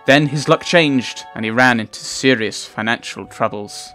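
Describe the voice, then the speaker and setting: A man's voice: mid-range voice, moderate pace, sharp tone, faint music behind. A man hosting a let's play, reading game narration aloud with playful, chatty asides.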